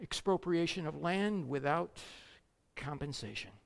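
A preacher delivering a sermon, emphatic, swinging between loud declamation and quiet asides, with sarcastic jabs and rhetorical questions. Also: mid-range voice, unhurried, vocal fry, in a large hall.

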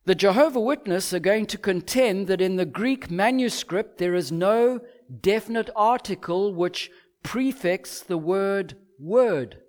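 A high-pitched man delivers a sermon at an unhurried, deliberate pace. He is emphatic and keeps asking rhetorical questions before answering them himself. He sounds like a preacher at the pulpit.

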